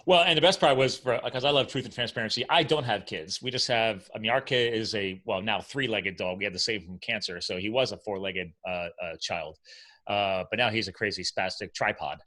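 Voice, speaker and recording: A man hosting a podcast interview, chatting casually and playfully, jumping up in pitch when he jokes. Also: fairly quick. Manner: animated, playful, jumps up in pitch when joking. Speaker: podcast host. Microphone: video call.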